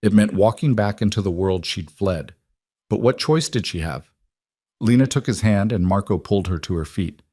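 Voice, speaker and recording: A male narrator reads a dramatic romance story in an even, storytelling way. His voice is on the low side. The sound is dry and close, with no room echo. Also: normal speed, slightly rough.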